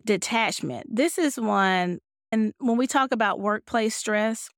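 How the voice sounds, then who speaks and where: Woman doctor, mid-pitched, candid and animated, dry booth-like sound. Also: gravelly, clear, resonant tone, no echo. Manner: candid, animated, acts out quoted thoughts. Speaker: physician speaker. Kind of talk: conversational talk on burnout.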